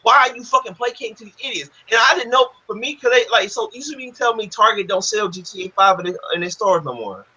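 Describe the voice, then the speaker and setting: A man's voice: high voice, expressive, quick pace, few pauses, sharp tone, husky. A man hosting a casual discussion, ranting in a heated, profane, emphatic way. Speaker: podcast host. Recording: dull lo-fi audio.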